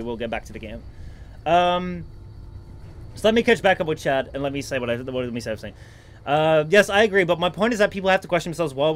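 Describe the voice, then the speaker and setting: A young man livestreaming a game, swearing freely, with loud frustrated outbursts and rambling, filler-heavy asides. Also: on the high side. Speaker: streamer. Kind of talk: live gaming stream commentary.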